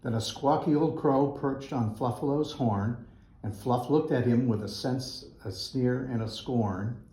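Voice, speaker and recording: A man's voice: medium pitch, measured pace, warm tone, reverberant, low-quality recording. A man, a mayor, reading a rhyming picture book aloud to schoolchildren in a school room. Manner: rhythmic rhyming delivery.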